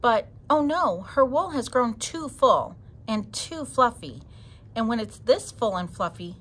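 Playful woman reading a kids' storybook, bright highish voice. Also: a little slow, a little hiss or hum. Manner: animated, playful, expressive. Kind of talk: reading a picture book aloud.

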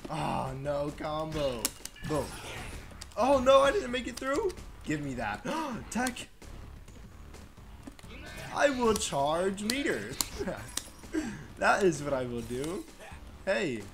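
A man commentating his own fighting-game match as he plays, exclaiming, chuckling and trash-talking his opponent. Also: fairly high pitch. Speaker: gaming channel host. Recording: game music clearly behind voice. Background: game music.

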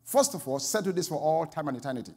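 A pastor preaching a sermon, telling a story that swings from quiet asides to loud exclamations. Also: male voice, a little high, expressive, fast talker, long reverb tail.

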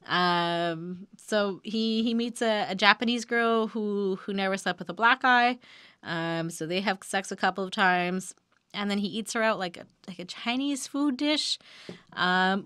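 A woman's voice: mid-range voice, fairly bright tone, smooth, no room sound, studio quality. A woman hosting a lyrics breakdown, talking casually with frequent giggles and filler ums. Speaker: host breaking down song lyrics. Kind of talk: casual commentary.

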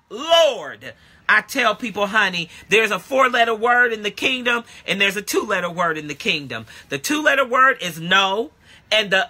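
A husky, very bright-toned woman preaching a live-streamed sermon. Her pitch swings widely as she drives home repeated phrases in a steady rhythm. She talks bluntly and plainly to her listeners and often breaks into loud exclamations. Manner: blunt and colloquial, speaks directly to listeners. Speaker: pastor and prophetic teacher.

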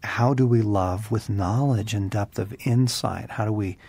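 A man's voice: fairly low pitch, a little slow, creaky, a little mellow, breathy edge. A man co-hosting a Christian talk show, speaking earnestly and reflectively and addressing the listeners as friends. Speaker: co-host.

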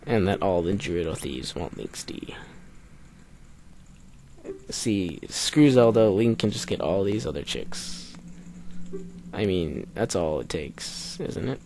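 A man hosting a let's play, cursing and exasperated as he comments on his game, jumping between loud outbursts and low mutters. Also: lively intonation, slow pace, long pauses, a little hiss or hum. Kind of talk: gameplay commentary.

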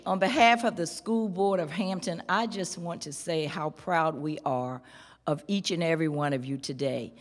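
A woman from a school board giving a measured, emphatic formal speech at a ceremony. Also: low-pitched. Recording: reverberant hall.

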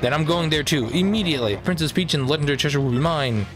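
A man's voice: a little high, very fast, over music, pitched above the performer's own voice, close to an everyday voice. Guy putting on a grumpy game villain king, blustery and impatient, slightly raised voice. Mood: grumpy, boastful. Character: gruff grumbling male king of evil.

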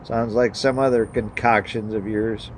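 Defiant prophet, blunt and sarcastic, lowish voice, a preacher reading the part. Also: male voice, steady tone, measured pace, slight background noise, close to an everyday voice. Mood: exasperated.

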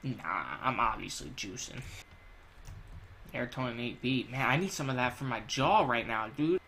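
Crude, excitable young gaming host. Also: male voice, medium pitch, unhurried, slight background noise. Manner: crude, jokey, with loud outbursts and laughter. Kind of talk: profane gaming commentary.

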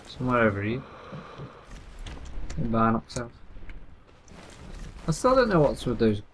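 A man joking his way through a co-op shooter with a friend, his pitch leaping up and down as he gets excited. A faint hiss sits under his voice. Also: measured pace. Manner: jokey, excitable, breaks into laughs. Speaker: gamer, co-host. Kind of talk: casual co-op gameplay commentary.

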